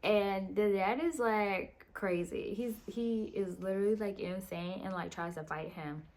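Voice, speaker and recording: A woman's voice: medium pitch, fairly even intonation, a little slow, darkish tone. A tired woman casually recapping a novel late at night, slangy and profane, wandering off track and acting out the characters' lines. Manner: slangy, profane, meandering retelling with mimicked dialogue. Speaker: book reviewer.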